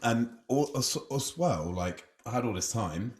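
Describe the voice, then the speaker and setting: A man's voice: medium pitch, lively intonation, measured pace. A man telling his story casually as a podcast guest, chatty and self-deprecating, laughing often and leaning on "you know".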